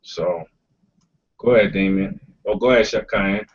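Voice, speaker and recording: A man's voice: lowish voice, normal speed. A man hosting a casual roundtable talk, speaking bluntly and emphatically and swearing freely. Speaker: podcast host. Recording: dull lo-fi audio.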